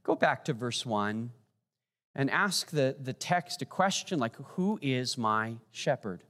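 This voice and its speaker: A man preaching a communion sermon as pastor, earnest, swinging from raised declarations to hushed pleading questions. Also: mid-range voice, animated, a little slow. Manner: earnest preaching, rising then dropping to hushed pleas. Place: church sanctuary. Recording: long hall reverb.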